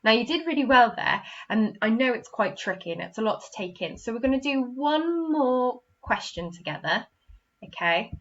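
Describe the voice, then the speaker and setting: English teacher lady, bright voice, explains slow and clear to little kids, kinda muffled recording. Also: fairly high pitch, animated. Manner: clear, encouraging, acts out example sentences with expression. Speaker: primary school teacher. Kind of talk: recorded online lesson for young children.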